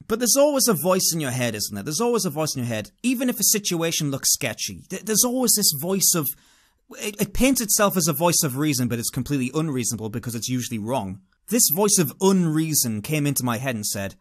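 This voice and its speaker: Animated British man telling a story. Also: medium pitch, quick pace. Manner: animated, sardonic, dramatic inner-voice asides. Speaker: vlogger. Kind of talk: casual storytelling monologue.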